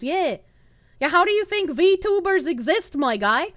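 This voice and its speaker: A woman's voice: sits high, very animated, a little slow, fairly bright tone. A woman streamer chatting casually with her viewers, playful and crude, with lots of swearing. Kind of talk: casual live-stream chat.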